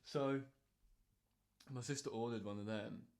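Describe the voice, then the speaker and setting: A man's voice: mid-range voice, fairly even intonation, a little slow, a little mellow. A man, co-hosting a podcast and telling a rambling anecdote in casual chat with asides. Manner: rambling, with many fillers and asides. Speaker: podcast co-host.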